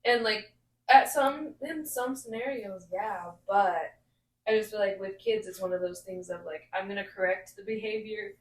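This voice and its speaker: A woman's voice: medium pitch, normal speed. Mother chatting in an echoey room. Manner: earnest, talks through ideas with many fillers. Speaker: podcast host and mother. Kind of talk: casual chat. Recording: roomy echo.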